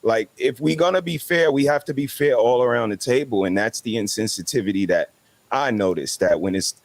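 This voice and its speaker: A man's voice: mid-range voice, brisk. A man, making emphatic, preachy points as a guest in a casual podcast discussion. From New York City.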